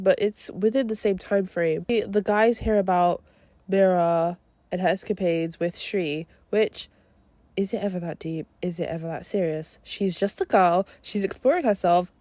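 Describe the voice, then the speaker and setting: Young girl ranting about a film on her podcast, sweary and lively, dry close mic. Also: mid-range voice, moderate pace, no echo. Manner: animated, swearing, slangy storytelling. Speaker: podcast host. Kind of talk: casual film review monologue.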